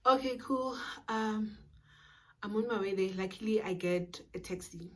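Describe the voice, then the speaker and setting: A young South African woman vlogger telling a personal story in a casual, animated way, acting out dialogue and dropping to whispers at times. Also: mid-range voice, measured pace. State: pregnant.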